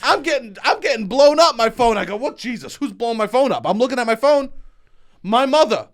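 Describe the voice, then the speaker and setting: A man's voice: very high-pitched, a little fast. A young man from Staten Island, co-hosting a casual comedic podcast and acting out family scenes as he tells stories. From Staten Island, New York. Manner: animated storyteller, acts out family voices. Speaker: podcast co-host.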